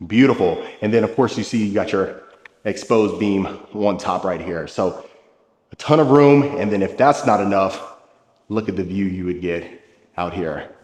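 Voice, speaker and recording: A man's voice: sits low, normal speed, a little mellow, reverberant, big-room sound. A man hosting a home tour, narrating room by room with upbeat, salesy enthusiasm.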